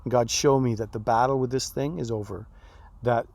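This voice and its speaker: A man's voice: medium pitch, steady tone, moderate pace, gravelly, a little mellow. A middle-aged man, a pastor, telling a personal story in a devotional talk, acting out his own reactions as he goes.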